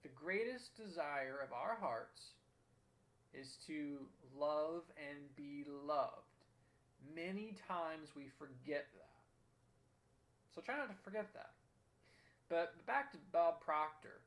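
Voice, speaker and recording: A man's voice: fairly high pitch, animated, slow pace, a bit bright. A young man hosting a motivational talk, telling a story in an earnest, emphatic way. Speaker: host.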